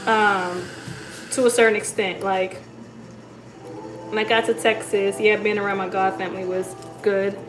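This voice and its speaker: A woman chatting casually on a livestream, reading comments and telling stories in a relaxed, talkative way. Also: mid-range voice, normal speed, pauses often, roomy sound, music in the background, rough recording. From United States. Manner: chatty, storytelling, reads comments aloud. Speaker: livestream host. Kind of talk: casual live chat.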